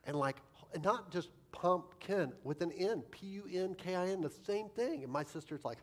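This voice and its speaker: A man's voice: sits high, animated, moderate pace, hardly any pauses. A man preaching as a pastor, telling a humorous, self-deprecating childhood story in a sermon.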